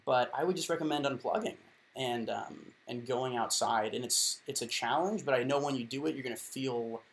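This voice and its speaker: A man's voice: medium pitch, moderate pace, gravelly. A man in his thirties giving casual advice to the camera, rambling and self-deprecating, full of fillers and restarts. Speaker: advice column host.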